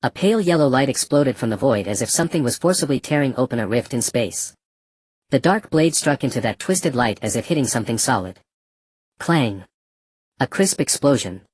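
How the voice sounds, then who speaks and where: An audiobook narrator reading a fantasy novel in an even, measured storytelling manner. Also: medium pitch, breathy edge, no room sound.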